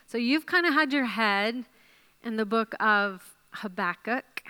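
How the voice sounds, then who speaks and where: A woman's voice: on the high side, lively intonation, a little slow, sharp tone, clear, resonant tone. A woman leading a Bible study class, drawing out answers and praising them with encouragement as she writes them up. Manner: encouraging, praises answers, thinks aloud while writing.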